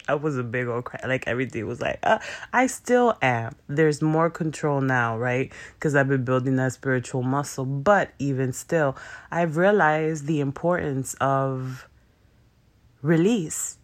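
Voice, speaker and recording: A man's voice: medium pitch, unhurried. A young man talking casually to viewers about emotions and spiritual growth, rambling with slang, fillers and swearing. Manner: loose, rambling, conversational with frequent fillers and profanity; speaks in slang with dropped verbs. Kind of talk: casual spiritual self-help talk to viewers.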